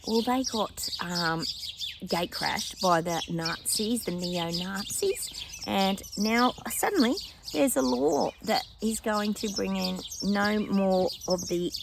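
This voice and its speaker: A middle-aged woman talking casually to her viewers from home, full of exclamations and scoffing asides. Her voice has a gravelly fry to it. A faint hiss sits under the recording. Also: mid-range voice. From Australia. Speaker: psychic channel host. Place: home with dogs.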